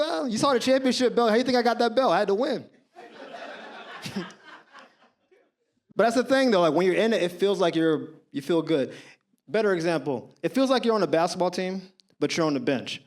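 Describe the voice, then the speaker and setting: This man in his thirties has a high-sitting voice and talks at normal speed with long pauses. Doing stand-up, he addresses the crowd conversationally and brings his stories to life by animatedly voicing their characters.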